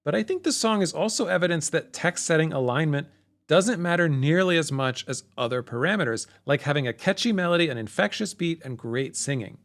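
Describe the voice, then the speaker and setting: A man teaching music theory in a clear, measured voice that sits a little high for a man. His pitch moves around a lot as he explains, rising and falling with each point. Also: expressive, a bit bright. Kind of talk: explanatory lesson narration.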